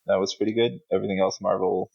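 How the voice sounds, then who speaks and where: A man with a low, gravelly voice, co-hosting a podcast in a blunt, sarcastic, cursing style. The audio sounds muffled and lo-fi. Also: flat delivery, fast. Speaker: podcast co-host. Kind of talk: casual chat.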